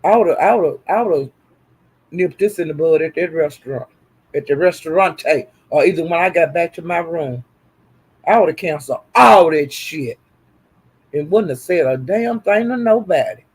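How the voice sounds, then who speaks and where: High-pitched profane man ranting casually. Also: normal speed, husky. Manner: animated, profane, repeats phrases for emphasis. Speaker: online commentator. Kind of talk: casual livestream commentary.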